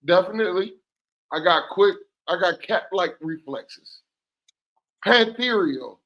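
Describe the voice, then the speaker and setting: A man's voice: high-pitched, lively intonation, takes it slowly, fairly bright tone, highs cut off. A man calling in as a guest on a livestream, talking in a laid-back, boastful, joking way. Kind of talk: casual livestream banter.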